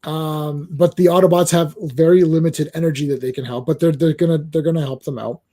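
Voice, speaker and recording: Brief: male host, a little high-pitched, mellow tone, casual rambling review, lots of ums and restarts. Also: steady tone. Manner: halting, many restarts and filler ums. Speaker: podcast host. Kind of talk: casual chat reviewing a cartoon.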